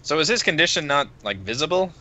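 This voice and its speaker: Lively, bright-voiced man at the game table. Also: on the high side, fast. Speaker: player. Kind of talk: casual table talk.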